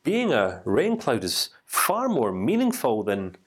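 A man playing a restless sky spirit turned rain cloud in a spoken storybook tale, sighing over how dull his life is and longing for meaning. His voice goes wistful and exclaiming, a little higher than plain narration. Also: huge pitch swings, takes it slowly, slightly rough, full character voice.

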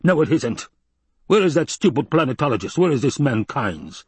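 A man's voice: mid-range voice, sing-song, moderate pace, slightly rough, no echo, voice pushed up. A man voicing a cruel, imperious fat baron who snaps out demands and questions. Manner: snappish and demanding.

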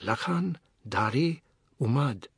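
A man voicing a frightened mother who speaks in a hushed, gentle way. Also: medium pitch, expressive, slow, husky, no echo, studio quality, heavily acted. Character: frightened but calm mother, quiet.

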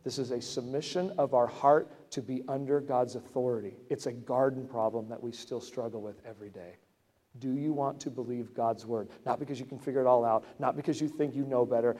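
A man preaching a sermon in a conversational way, breaking into loud emphatic bursts. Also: mid-range voice. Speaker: pastor. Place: church sanctuary. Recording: long hall reverb.

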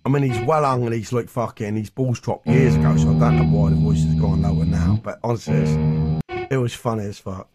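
A man's voice: deep voice, lively intonation, brisk. A middle-aged man talking in a rambling, crude, jokey way. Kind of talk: casual chat over music. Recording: music playing clearly behind. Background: guitar music.

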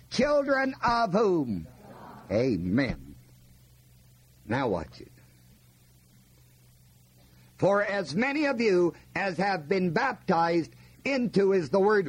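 A man's voice: a little high, slightly rough. A man preaching a folksy Bible-teaching sermon, often asking his listeners questions and leaning hard on key words. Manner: folksy, asks the audience questions, stresses words.

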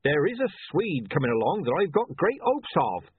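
A man's voice: on the high side, big pitch swings, normal speed, slightly rough, no echo, pitched above the performer's own voice, exaggerated voice. A man voicing a jolly, self-pleased middle-aged man in a chummy manner. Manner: chummy, cheerful. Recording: tinny phone-like, dry.

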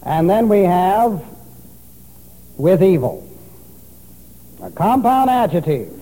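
Emphatic preacher in a reverberant hall. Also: male voice, high voice, big pitch swings, takes it slowly, dark tone. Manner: spells out Greek words letter by letter, emphatic teaching. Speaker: pastor. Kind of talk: expository sermon teaching Greek grammar. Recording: long reverb of a large hall.

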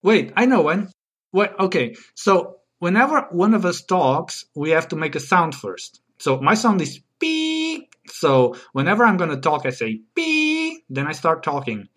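A man's voice: high voice, very animated, unhurried, a bit bright, husky, full character voice. A man acting an eager, talkative guest expert in a comedy sketch who keeps pushing his own ideas. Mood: enthusiastic. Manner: eager, enthusiastic, rambling. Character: eager male guest expert, adult, chatty and stubborn. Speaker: podcast guest.

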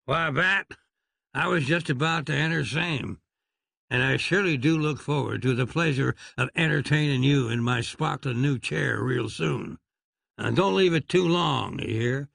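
A man voicing a sardonic Western gunslinging dentist with a slow, folksy drawl and a gravelly, dry sound. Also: medium pitch, fairly bright tone, no echo. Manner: wry, unhurried and folksy.

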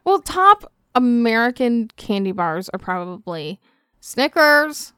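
A woman's voice: fairly high pitch, very animated, takes it slowly, fairly bright tone, smooth, no room sound, clean studio sound. A woman co-hosting a casual podcast chat about a TV episode, enthusiastic and full of fillers. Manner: chatty, enthusiastic, many "like" fillers. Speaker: podcast co-host.

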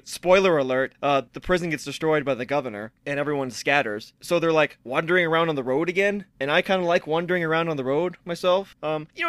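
High-voiced rambling podcast guy. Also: a bit bright, no echo. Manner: rambling, jokey, digressive. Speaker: podcast co-host. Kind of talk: casual chat.

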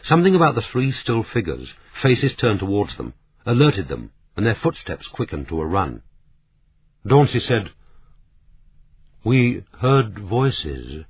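A man narrating an audiobook in a measured, even storytelling manner. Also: fairly low pitch, husky, dry recording. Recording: tinny narrow-band audio.

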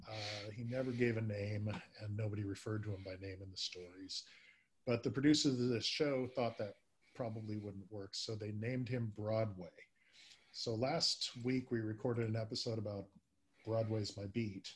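A man hosting a podcast in a casual chat, speaking haltingly with many filler words. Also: lowish voice, steady tone, breathy edge. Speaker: podcast host. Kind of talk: casual chat about old-time radio.

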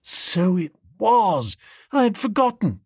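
A man voicing a vague, muddled young gentleman who talks in a flustered, stammering way. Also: high voice, sing-song, slow, husky, no echo, studio quality, pitched above the performer's own voice, exaggerated voice.

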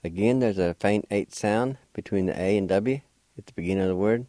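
Calm low-voiced guy on radio spelling words out slow, warm tone, dry mic. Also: dry recording. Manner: patient, spells letters and repeats words slowly. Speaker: language teacher and radio host. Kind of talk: slow word-by-word language lesson. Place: radio studio.

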